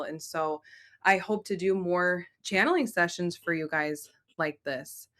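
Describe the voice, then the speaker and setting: A woman leads a spiritual group chat over a video call. She talks in an earnest, flowing, reflective way. Her voice sits a little low, yet it comes out bright and forceful. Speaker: host and channeler.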